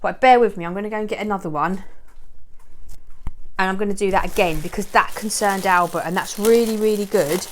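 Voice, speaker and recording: A woman's voice: medium pitch, fairly quick, slight background noise. A woman chatting as she shows how she trains her dogs, rambling and often cheering them on. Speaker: dog owner showing training. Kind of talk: casual how-to vlog.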